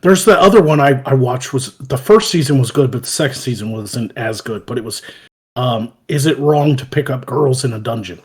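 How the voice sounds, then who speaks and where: A man's voice: mid-range voice, animated, normal speed, darkish tone. A man chatting casually and enthusiastically, rambling and laughing often as he explains things. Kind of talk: casual chat.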